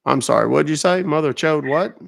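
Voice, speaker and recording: A man's voice: fairly high pitch, brisk, creaky. A man from North Texas, hosting a casual livestream, chatting with viewers and playing dumb with a phone caller. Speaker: livestream host baiting phone scammers.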